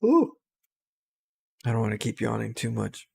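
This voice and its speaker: A tired man casually commentating on a game for his stream. His voice is deeply gravelly and full of fry, with a husky, rough edge. He rambles loosely and unscripted to his viewers. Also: fairly even intonation, normal speed, no room sound. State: tired and yawning.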